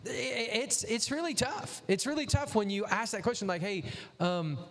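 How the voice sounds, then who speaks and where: A man with a notably high voice hosts a casual chat, giving practical advice and playing out little quoted dialogues. A long reverb hangs on the voice. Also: moderate pace, gravelly, crowd noise. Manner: advisory, acts out quoted dialogue. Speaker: host.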